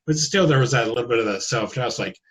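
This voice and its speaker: Man, life coach, mid-pitched, earnest and conversational. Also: very fast. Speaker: life coach and meditation teacher. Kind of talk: casual interview chat.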